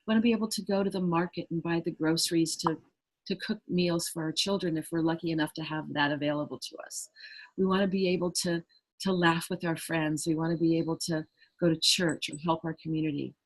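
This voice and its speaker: Husky woman guest talking earnest and warm-paced, acts out little quotes, kinda low voice. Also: fairly even intonation, fairly quick, poor audio. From United States. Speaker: guest, trauma resilience trainer. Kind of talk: conversational interview explanation.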